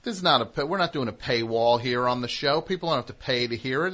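Hosting a call-in radio show, a man with a sharp, mid-range voice teases callers and rambles through stories in quick back-and-forth. It's a radio broadcast.

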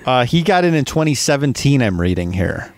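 A man's voice: medium pitch, sing-song, brisk. A man co-hosting a casual podcast chat, reading out facts and asking curious questions.

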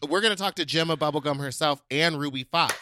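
A man co-hosting a podcast, recounting gossip with dramatic, drawn-out storytelling. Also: a little high, sharp tone, dry recording, studio quality. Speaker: podcast co-host. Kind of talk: casual gossip chat.

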